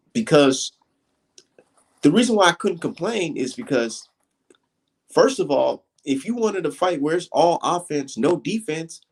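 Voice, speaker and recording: A man hosting a casual live stream, talking fight talk in loose slang and getting animated as he rants. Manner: animated, slangy, swings high when mocking critics. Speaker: livestream host.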